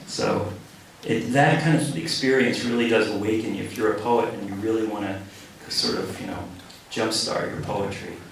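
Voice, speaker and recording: Gravelly low-voiced man telling stories in an echoey cafe. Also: normal speed, few pauses, a little hiss or hum. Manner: relaxed storyteller who acts out quoted lines. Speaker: poet. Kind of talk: poetry reading with spoken anecdote. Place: cafe reading room. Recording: echoey room from a distant mic.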